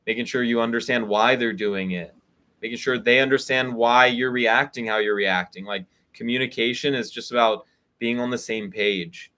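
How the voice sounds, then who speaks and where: On a video call, a man with a mid-range, fairly bright voice hosts a live online spiritual session. He's a spiritual reader and community host who dispenses frank, conversational advice about friendships while acting out dialogue.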